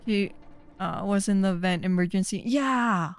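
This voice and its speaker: A woman's voice: mid-range voice, unhurried. A young woman streamer giving casual, chatty gaming commentary that turns indignant and rambling.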